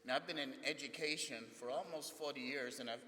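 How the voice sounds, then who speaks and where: Man in his sixties, bright forceful voice, anecdotal speech, long hall reverb. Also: medium pitch, fairly quick. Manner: storytelling, jokes, builds excitement in anecdotes. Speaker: university administrator speaking at convocation. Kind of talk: ceremonial speech with humorous anecdotes. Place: large hall.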